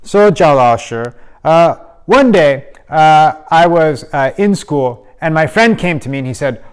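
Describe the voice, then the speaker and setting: A male teacher telling a story to his students, slow and hesitant with many pauses and acted voices. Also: a little high, expressive, clean tone.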